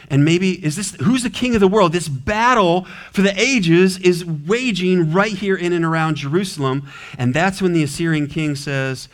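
A man pastor preaching an expository sermon, animated and acting out characters with varied voices. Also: a little high, normal speed. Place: church sanctuary.

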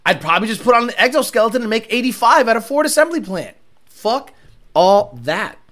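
A man's voice: extremely high pitch, big pitch swings, fairly quick, a bit bright. A man hosting a casual reaction video, rambling and joking in a crude, profane way. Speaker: host.

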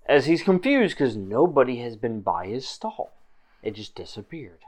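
A man's voice: mid-range voice, very animated, normal speed, a little mellow. A man narrating as game master of a tabletop game, describing scenes in loose, easygoing storytelling.

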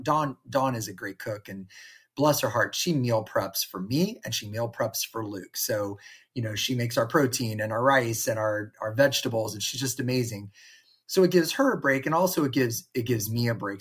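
Husky-voiced man chatting on a podcast. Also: mid-range voice, fairly bright tone. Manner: storytelling, acts out quoted dialogue. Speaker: podcast co-host. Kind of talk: casual conversation.

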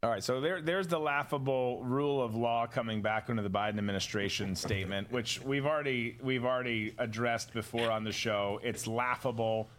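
A man's voice: mid-range voice, brisk, few pauses, a bit bright, slight background noise. A man hosting a political talk show, scornful and rambling, with many restarts. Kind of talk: opinionated political commentary.

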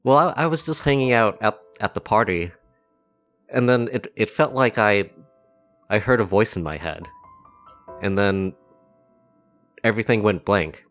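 A frightened young daughter stammers and halts through her tears, as a man voices her. Her voice sits fairly low for the part. Soft music plays under the scene. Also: a little slow, pauses often. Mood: tearful, shaken. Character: tearful frightened young woman jailed daughter.

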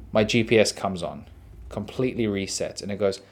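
An Australian man hosting a podcast, telling a story in a casual, animated, profane way. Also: lowish voice, moderate pace, breathy edge. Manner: animated, profane, dramatic retelling. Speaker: podcast host.

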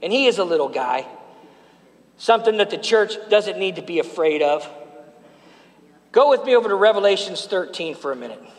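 A man's voice: high-pitched, lively intonation, a little fast, pauses often. A man preaching a sermon in a church, calling out to the congregation and asking them to answer back. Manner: preaching with call-and-response to the congregation. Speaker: pastor. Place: church sanctuary. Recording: long hall reverb.

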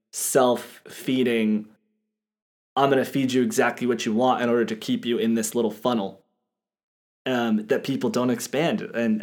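A man's voice: medium pitch, darkish tone. A man co-hosting a casual chat, talking in a thoughtful, reflective way with plenty of "like" fillers.

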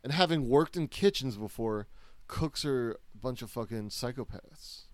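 A man co-hosting a podcast, chatting loosely with many fillers and casual swearing. His voice sits at a middle pitch, recorded dry and close. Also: lively intonation, measured pace, a little mellow, no room sound. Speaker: podcast co-host. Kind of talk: casual chat.

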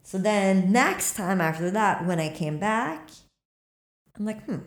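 A woman telling a story in casual talk. She acts out her own lines with sudden jumps up into squeaky highs. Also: slow. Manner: animated, acts out quotes with sudden high squeaks. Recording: echoey room.

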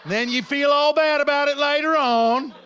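A middle-aged man from Canada doing a live stand-up set, rambling and shouty, and laughing often. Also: very high-pitched, fairly even intonation, normal speed, slight background noise. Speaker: stand-up comedian. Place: comedy club stage.

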